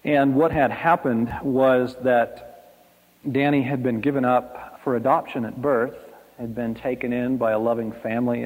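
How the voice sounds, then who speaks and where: A man preaching a sermon, telling a story slowly and dramatically, letting his lines fade to a hush. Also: mid-range voice, vocal fry. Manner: slow, dramatic storytelling with soft, hushed line endings. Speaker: pastor. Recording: echoey hall.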